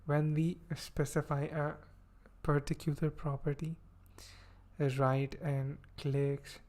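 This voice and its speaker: A man's voice: fairly high pitch, flat delivery, slow pace, darkish tone. A man streaming himself coding, thinking aloud as he reads code, with playful asides. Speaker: livestreamer learning web development. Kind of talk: casual coding livestream.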